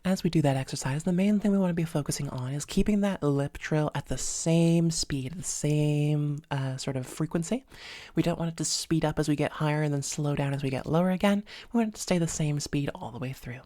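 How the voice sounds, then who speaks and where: A woman with a low, mellow voice leads a voice lesson, talking it through loosely with plenty of fillers. She sits close to the microphone in a dry room. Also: fast talker, dry recording. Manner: relaxed, hesitant with many fillers. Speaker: voice coach. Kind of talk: instructional voice lesson.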